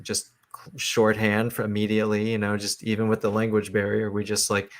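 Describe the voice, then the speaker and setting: Brief: low, even-toned male writer, halting interview talk, lots of fillers. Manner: halting, many fillers and restarts. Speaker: comic book writer, guest.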